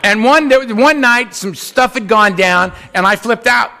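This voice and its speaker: A middle-aged man at a conference podium microphone, telling his recovery story in an animated way and acting out what other people said. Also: very high voice, normal speed. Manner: animated, acts out quoted voices, swings between loud and hushed. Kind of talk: personal storytelling talk. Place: conference hall.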